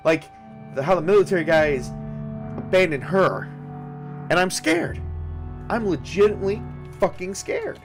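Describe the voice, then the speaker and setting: A man's voice: sits high, lively intonation, normal speed, pauses often, music in the background, pitched above the performer's own voice. A man voicing a nineteen-year-old boy survivor who is frightened, tearful and pleading, swearing as he talks. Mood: scared, pleading. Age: teen.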